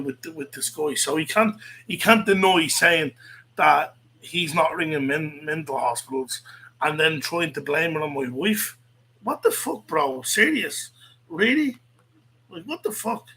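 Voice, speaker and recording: Angry, bright-voiced Irish man. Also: on the high side, moderate pace, breathy edge, rough recording. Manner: angry, profane, repetitive. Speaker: host. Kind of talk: heated online rant.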